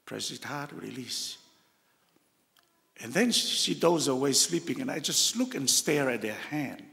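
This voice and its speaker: Older Tongan man, heartfelt and gravelly. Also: medium pitch, big pitch swings, bright, forceful tone, in a large hall. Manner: emotional, heartfelt storytelling with pauses. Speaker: cardinal giving a talk. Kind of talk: personal testimony talk.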